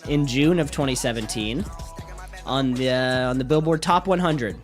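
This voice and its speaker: A man's voice: medium pitch, moderate pace, soft background music. A man co-hosting a casual podcast, joking around, laughing often and reading out chart facts. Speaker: podcast co-host. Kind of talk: casual chat.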